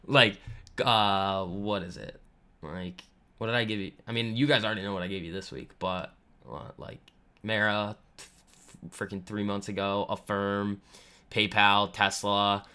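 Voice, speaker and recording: A man's voice: on the low side, fairly even intonation, measured pace, pushed and bright. A man hosting a live trading stream, talking casually and a little boastfully about stocks while answering viewers' comments. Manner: chatty and boastful, lots of fillers. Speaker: trading livestream host. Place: home room.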